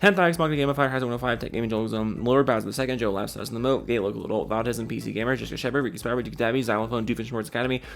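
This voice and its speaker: A man's voice: medium pitch, steady tone, racing, vocal fry, few pauses. A sick, tired man reading a long list of supporter names at speed, rambling and swearing in mock despair. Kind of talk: rapid-fire reading of a name list.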